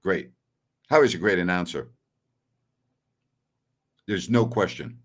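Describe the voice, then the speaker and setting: Speaking slowly and expressively in a low voice, a middle-aged sports talk stream host responds to messages from viewers. He's opinionated and blunt, openly scoffing at the people who call in.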